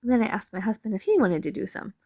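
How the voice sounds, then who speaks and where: A woman's voice: medium pitch, big pitch swings, quick pace, a little mellow. A young adult woman narrating a casual vlog voice-over, rambling, laughing often and swearing offhandedly. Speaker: vlogger. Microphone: voice-over mic.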